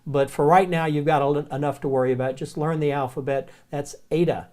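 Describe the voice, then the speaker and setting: Relaxed Southern man teaching Greek. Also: a little high. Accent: Southern American. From American South. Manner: relaxed, chatty, repeats words slowly. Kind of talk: recorded classroom lecture.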